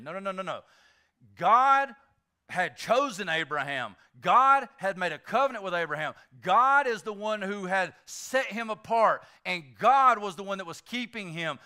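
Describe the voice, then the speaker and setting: A man preaching a sermon, talking to the congregation and building to emphatic shouts. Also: a little high, expressive, moderate pace, clear, resonant tone. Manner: conversational asides to the congregation.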